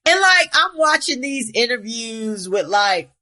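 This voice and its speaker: Bright-voiced woman podcast co-host. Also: fairly high pitch, big pitch swings, measured pace. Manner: blunt, rambling, swears freely. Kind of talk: casual profane chat.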